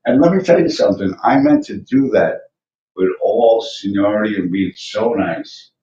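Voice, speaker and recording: Guy venting on his stream, kinda low voice, cussing a lot, far off the mic, echoey and muffled. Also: animated, normal speed, mellow. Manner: rambling, venting rant with frequent profanity and fillers. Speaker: livestream host. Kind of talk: casual livestream chat. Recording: roomy, distant, muffled lo-fi sound.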